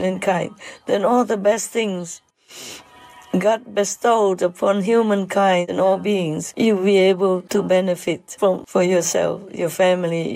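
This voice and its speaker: Slow, gravelly-voiced woman, choked with emotion. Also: medium pitch, warm tone, rough recording. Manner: emotional, halting, tearful laughs. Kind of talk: heartfelt spiritual talk.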